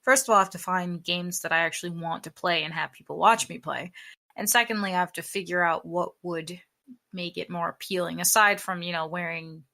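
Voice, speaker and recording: A young woman co-hosting a casual podcast chat, her voice bright and edged. She talks bluntly, sounds exasperated with what she dislikes and swears freely. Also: lowish voice, steady tone, a little fast. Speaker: podcast co-host.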